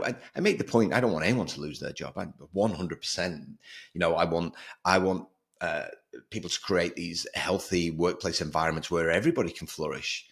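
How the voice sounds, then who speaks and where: A man hosting a solo podcast, talking in an energetic, emphatic way and repeating words for stress. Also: low voice, vocal fry. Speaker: podcast host.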